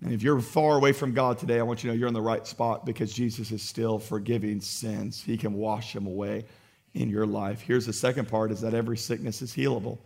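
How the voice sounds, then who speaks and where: A male pastor preaching a sermon with passion, swinging between loud exhortation and hushed emphasis. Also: on the low side, flat delivery, brisk, vocal fry.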